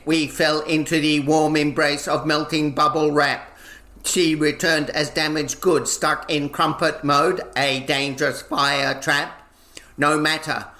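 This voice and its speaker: A man performing comic spoken-word poetry in a rhythmic, deadpan delivery, recorded with a roomy echo. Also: on the high side. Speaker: performance poet.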